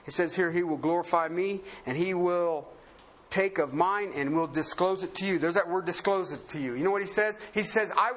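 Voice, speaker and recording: A man preaching a sermon, asking rhetorical questions and swinging between emphatic highs and low murmurs, laughing often. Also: lively intonation, normal speed, fairly bright tone.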